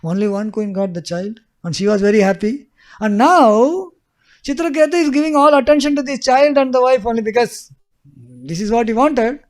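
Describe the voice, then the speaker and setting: A man's voice: very high-pitched, moderate pace, darkish tone. A man teaching a scripture story in a class, chuckling often and repeating key phrases. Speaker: spiritual teacher.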